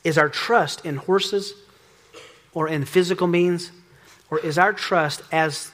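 Bright-voiced preaching man. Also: fairly high pitch. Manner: lively, joking, acts out dialogue. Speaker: pastor. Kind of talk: sermon.

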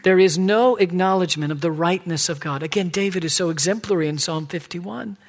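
Man, high voice, preaching sermon, hushed whispers to loud emphatic pleading, acts out quoted voices. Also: a little fast. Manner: acts out God and the people in quoted lines. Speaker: pastor.

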